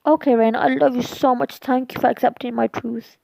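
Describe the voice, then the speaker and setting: A woman's voice: on the high side, fairly even intonation, fairly quick, gravelly, warm tone, dry recording. A woman doing a lovesick young vampire man. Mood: tender. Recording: dull lo-fi, dry.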